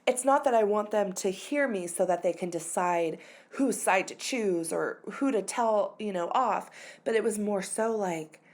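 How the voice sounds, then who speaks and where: A woman's voice: mid-range voice, unhurried, a little mellow. A woman in her thirties speaks close to the mic in a candid, confessional podcast monologue. Her talk is loose and full of fillers, and her voice at times sounds near tears. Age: 30s. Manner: candid and confessional, uses many fillers like "like" and "you know". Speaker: podcast host.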